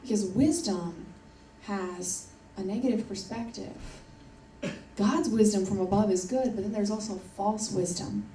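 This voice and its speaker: A woman's voice: medium pitch, unhurried, dark tone, slight background noise. Woman preaching in a roomy church. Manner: earnest, emphatic, repeats key points. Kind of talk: sermon. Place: church hall. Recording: roomy church audio from a distance.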